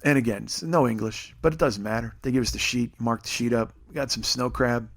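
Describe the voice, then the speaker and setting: A man in his forties, a comedian and podcast host, telling a story in an animated, profane, sarcastic way. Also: mid-range voice, fairly quick. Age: 40s.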